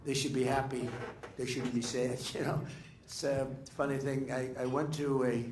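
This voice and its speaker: A man's voice: mid-range voice, flat delivery, normal speed, slight background noise. An older man giving a rambling, off-the-cuff speech at a dinner, full of fillers and restarts. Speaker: political speaker. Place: dinner event in a large room. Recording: echoey room with faint ambience.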